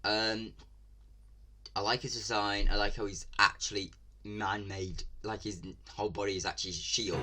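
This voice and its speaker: Excitable, bright-voiced English man ranting. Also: fairly low pitch, moderate pace, faint music behind. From England. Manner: excitable, ranting, swears freely. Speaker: reaction video creator. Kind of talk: casual reaction commentary.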